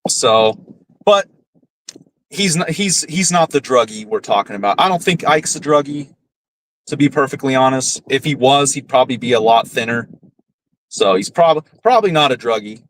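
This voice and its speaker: A man's voice: mid-range voice, animated, normal speed, a bit bright, slight background noise, rough recording. A man hosting a podcast, ranting bluntly and profanely with scorn. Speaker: podcast host. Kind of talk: casual ranting commentary.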